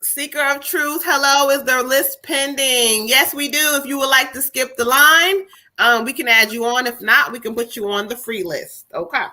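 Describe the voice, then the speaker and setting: A woman's voice: high-pitched, moderate pace, bright, forceful tone. A woman doing live psychic readings on a stream. She talks in a casual, earthy way, swears freely, and passes on spirit messages in quotes.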